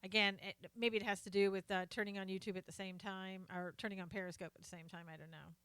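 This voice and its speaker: A woman's voice: medium pitch, level tone, quick pace, fairly bright tone, clear, resonant tone, no echo. Chatty woman hosting a live stream. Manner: chatty, greets viewers by name, reads comments aloud; trails off with fillers and laughs. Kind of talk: casual live-stream chat.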